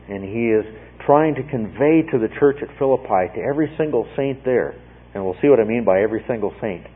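A man's voice: mid-range voice, husky. A man teaching verse by verse through a Bible passage, talking in a conversational way, repeating words and often checking in with "okay?". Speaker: preacher teaching a Bible study. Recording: tinny phone-like radio broadcast.

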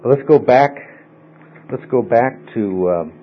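A man's voice: medium pitch, lively intonation, slow pace. A man teaching a Bible study class, explaining word meanings patiently and often checking in with his listeners. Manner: explanatory, often asks okay. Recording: tinny phone-like audio, faint mains hum.

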